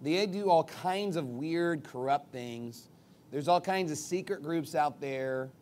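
A man preaching a sermon in an emphatic, combative way, with sarcastic asides and big swings in pitch and loudness. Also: animated, takes it slowly, a little hiss or hum.

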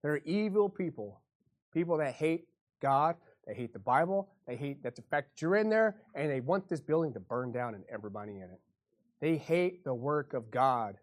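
Male pastor, fairly high-pitched, folksy, preaches in bursts from soft asides to loud pleading. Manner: swings from quiet asides to loud impassioned preaching; folksy, acts out quoted voices. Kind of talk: sermon.

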